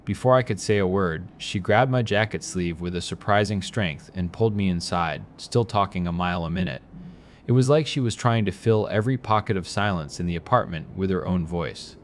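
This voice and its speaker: Deep-voiced man narrating a horror tale. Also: brisk, a little hiss or hum.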